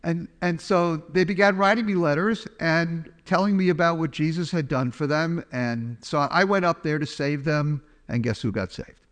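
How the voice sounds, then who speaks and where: A man's voice: fairly high pitch, moderate pace, fairly bright tone. A man giving a chatty, humorous personal testimony, telling a story to an audience. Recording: long hall reverb.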